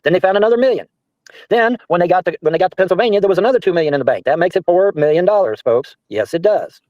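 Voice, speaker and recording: Male streamer, brisk and animated delivery, profane and scornful, dry close sound. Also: sits high, no echo. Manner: profane, mocking, reads chat aloud and answers it. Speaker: livestreamer answering trolls. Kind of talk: casual livestream rant. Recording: dull, dry lo-fi stream audio.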